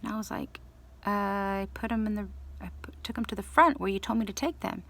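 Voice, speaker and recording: A woman with a gravelly, creaky voice tells a long personal story in a loose, rambling way. She acts out the lines of the people she quotes and keeps restarting and trailing off into asides. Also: mid-range voice, brisk. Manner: rambling, animated retelling with quoted dialogue. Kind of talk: casual storytelling monologue.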